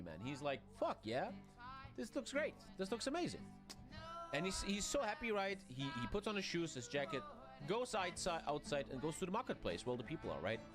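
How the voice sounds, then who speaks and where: A man telling a joke in a storytelling way, often adding "right?" and "man". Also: medium pitch.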